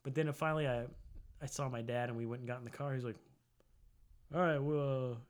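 A man in his forties from Tennessee, co-hosting a podcast and telling a story in loose casual chat, full of "like" fillers, jumping into a high voice for quotes. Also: fairly even intonation, rapid-fire. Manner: rambling, lots of "like" fillers, acts out quotes in a high voice. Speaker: podcast co-host.

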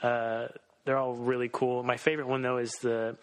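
Excited guy rambling on a podcast, regular mid voice. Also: mid-range voice, normal speed, rough recording. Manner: excitable, lots of fillers and restarts. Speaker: podcast co-host. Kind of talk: casual chat.

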